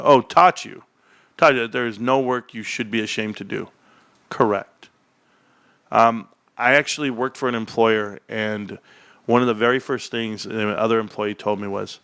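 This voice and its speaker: A man hosting a casual livestream, reading chat aloud and joking, with sudden loud, high-pitched bursts. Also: no room sound. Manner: animated, jokey, swings into loud high bursts.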